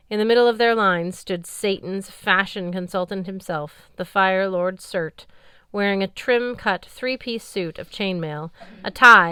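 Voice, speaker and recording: A woman's voice: fairly low pitch, pushed and bright, smooth, dry recording, studio quality. A woman narrating an audiobook in the first person, with a wry storytelling manner.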